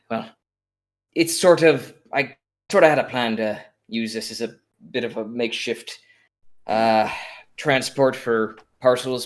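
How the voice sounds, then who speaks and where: Man as a hard-up, frustrated tinkerer who rambles and halts, mid-pitch, tabletop role-play. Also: lightly acted. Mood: apologetic. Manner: apologetic, rambling, halting. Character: frustrated male tinkerer adventurer, short of coin.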